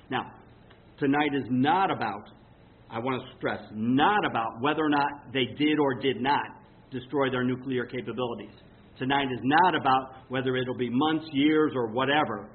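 A man's voice: mid-range voice, a little hiss or hum. A man teaching a sermon-style Bible talk, conversational and emphatic, checking in with his listeners as he reads quotes with dramatic stress. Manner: conversational, checks in with rhetorical "okay?". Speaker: preacher teaching on prophecy. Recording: tinny phone-like lo-fi sound.

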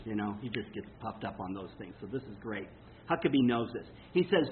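A man's voice: fairly low pitch, fast talker, slight background noise. Man preaching over a tinny lo-fi line. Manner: conversational, checks in with rhetorical "okay?"; emphatic, reads quotes aloud with dramatic stress. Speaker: preacher teaching on prophecy. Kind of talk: sermon-style Bible teaching. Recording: tinny phone-like lo-fi sound.

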